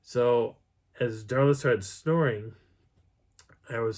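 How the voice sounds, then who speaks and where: A man's voice: mid-range voice, normal speed. A man casually telling a personal story and acting out the sounds and voices as he goes. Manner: animated, acts out sounds and voices. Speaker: channel host.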